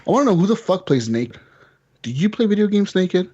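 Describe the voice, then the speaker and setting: A man hosting a casual gaming podcast, loose and profane. He laughs between lines and tells game stories with animated energy. The recording is a little dull and lo-fi. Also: sits high, a little fast, slightly rough. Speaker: podcast host. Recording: slightly dull lo-fi audio.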